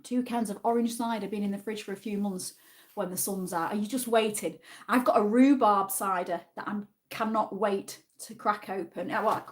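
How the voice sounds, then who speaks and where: A woman with a northern English accent hosts a relaxed livestream, chatting freely and reading viewers' comments aloud. She talks in an easygoing, friendly way and answers viewers as if they were in the room with her. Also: mid-range voice. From Yorkshire, England. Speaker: livestream host. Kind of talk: casual livestream chat with a quiz.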